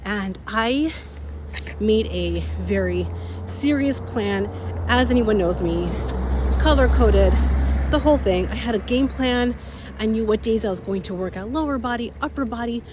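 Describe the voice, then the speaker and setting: A woman in her thirties with a slightly raspy voice, hosting an energetic motivational talk outdoors while a little out of breath from walking uphill. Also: a little high, measured pace, noisy background. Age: 30s. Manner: energetic, repeats key phrases, laughs often. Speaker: podcast host and coach.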